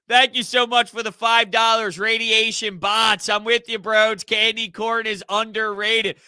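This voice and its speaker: A man's voice: high-pitched, little pitch movement, unhurried, pushed and bright, clear, resonant tone, no echo, studio quality. A young man hosts a sports live stream, chatting loosely and reading viewer comments with easy laughs. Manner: chatty, rambling, laughs easily. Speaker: sports YouTube host.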